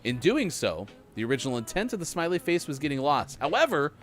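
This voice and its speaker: A man's voice: a little high, sing-song, fast, faint music behind. A middle-aged man hosting a morning radio show, chatting casually and joking while reading out facts. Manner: chatty, jokey, reads facts aloud.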